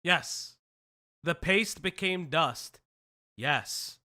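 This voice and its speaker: A stream host from the United States giving excitable casual commentary, swearing and restarting sentences. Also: mid-range voice, drawn-out words.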